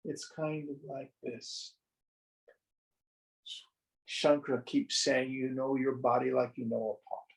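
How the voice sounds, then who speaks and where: A man teaching a study group on a spiritual text, speaking slowly and deliberately and sometimes acting out little dialogues. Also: medium pitch, steady tone, creaky, rough recording.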